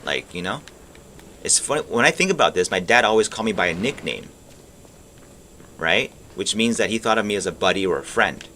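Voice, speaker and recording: A man's voice: lowish voice, animated, a little fast, pushed and bright, a little hiss or hum. A man rambling and musing aloud while playing a video game, swearing casually and trailing off mid-thought. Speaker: gaming streamer. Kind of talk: rambling commentary while gaming.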